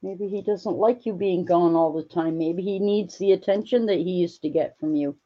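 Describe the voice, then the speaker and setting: A woman streaming, chatting casually with viewers while she crafts, rambling and gently reassuring them with lots of fillers. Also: fairly low pitch, moderate pace, highs cut off. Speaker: livestreamer answering chat.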